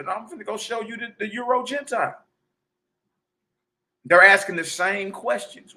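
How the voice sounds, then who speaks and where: A man's voice: on the high side, animated, moderate pace, long pauses, bright, forceful tone, poor audio. A man giving emphatic, preachy commentary on a video clip and talking straight to his listeners. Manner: emphatic, addresses listeners directly. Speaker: commentator reacting to clips.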